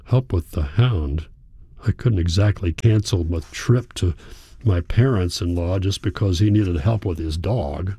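A man reading a novel aloud in a measured, reflective storytelling manner. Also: low-pitched, warm tone, breathy edge, dry recording. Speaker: audiobook narrator. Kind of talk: scripted narration.

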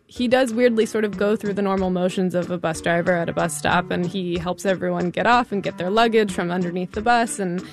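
A woman telling a story to a radio host in a casual, chatty way, often saying "like". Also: mid-range voice. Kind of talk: conversational storytelling.

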